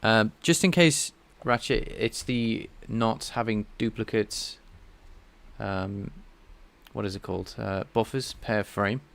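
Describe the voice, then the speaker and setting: A man's voice: on the low side, takes it slowly, creaky, a bit bright. A man live-streaming his programming work, thinking aloud in a casual, rambling way and chatting with viewers. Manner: rambling and self-deprecating, chatting with viewers between tasks.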